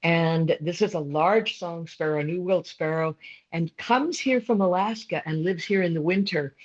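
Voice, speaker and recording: A woman from Central California speaking as a webinar panelist, chatting warmly and enthusiastically and singing out bird mnemonics. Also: fairly low pitch, moderate pace. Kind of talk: casual webinar chat. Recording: dull lo-fi video call audio.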